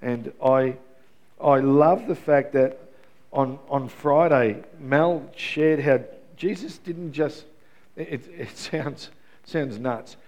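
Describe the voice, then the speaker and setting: A pastor in middle age delivers an Easter sermon. He keeps it conversational and throws questions out to the congregation. His voice sits at an ordinary pitch for a man. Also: takes it slowly, a little mellow.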